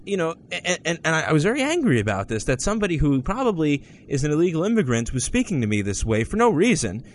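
A man hosting a talk podcast, rambling through stories with many restarts and sudden upward jumps in pitch. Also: slight background noise. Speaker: podcast host. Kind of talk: casual opinion talk.

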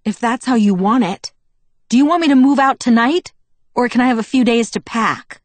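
A woman's voice: on the high side, takes it slowly, dry recording, pitched above the performer's own voice. A woman reading a defiant teenage daughter. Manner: flares up, sharp retorts.

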